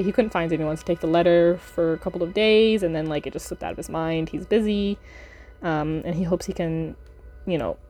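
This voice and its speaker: A woman's voice: on the low side, dark tone. A woman hosting a podcast, reading a book aloud with chatty commentary, laughing often and filling with ums. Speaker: podcast host and reader.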